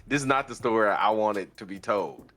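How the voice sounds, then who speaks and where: A man co-hosting a podcast, excitable and laughing loudly, often calling out to listeners. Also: fairly low pitch, moderate pace. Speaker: podcast co-host. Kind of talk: casual podcast chat.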